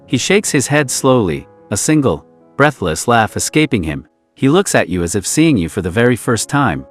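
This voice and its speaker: A man's voice: mid-range voice, big pitch swings, normal speed, soft background music. Intimate male romance-story narrator. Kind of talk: reading a romance role-play story aloud.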